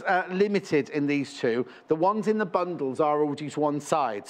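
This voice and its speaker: A man presenting live on a shopping channel, chatting and joking in rambling asides. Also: a little high. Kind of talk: live TV sales chat. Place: TV studio.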